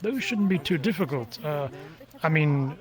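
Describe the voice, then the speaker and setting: A man's voice: fairly high pitch, lively intonation, moderate pace, lightly acted. A man voicing a courteous male merchant who speaks politely and formally in a tabletop role-play.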